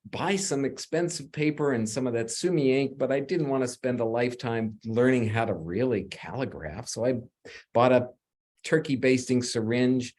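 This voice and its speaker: A man's voice: mid-range voice, normal speed. Brief: male panelist, mid-range voice, easygoing anecdote teller, over a video call. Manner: relaxed storyteller, acts out quoted dialogue. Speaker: designer on a panel. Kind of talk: anecdotal storytelling in a panel talk.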